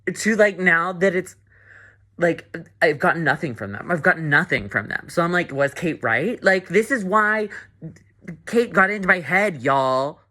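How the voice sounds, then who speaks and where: Guy ranting in a confessional, bright voice, cursing a lot, keeps repeating himself. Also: high-pitched. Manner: frustrated, swearing, repeats himself. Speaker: reality game contestant. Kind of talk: confessional rant.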